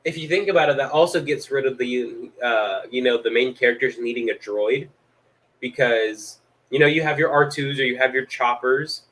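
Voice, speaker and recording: A man co-hosting a casual fan podcast, rambling with lots of fillers and getting excited. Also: medium pitch, moderate pace, rough recording. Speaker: podcast co-host.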